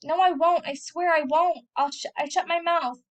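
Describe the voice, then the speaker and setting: An eager young farm boy, pushy and pious, always begging and scolding in a high, bright voice, as a woman reads him aloud from a novel. He sounds like a storybook child. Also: fairly even intonation, normal speed.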